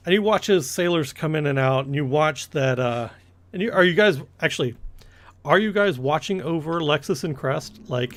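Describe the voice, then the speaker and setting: Guy running a tabletop game, lots of uhs and restarts, ordinary pitch. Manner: rambling, with many fillers and restarts. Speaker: game master.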